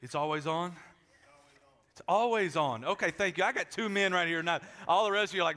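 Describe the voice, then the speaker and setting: Male pastor, sermon, high bright voice, animated and joking, repeats words, big church, echoey hall. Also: a little fast. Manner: animated, joking with the congregation and acting out quotes; often repeats words as he restarts. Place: large church.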